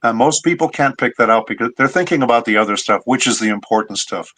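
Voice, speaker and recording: A man's voice: mid-range voice, quick pace, bright, forceful tone, poor audio. A middle-aged man, a voice actor guest, explaining his craft in a patient, teacherly way during a casual interview.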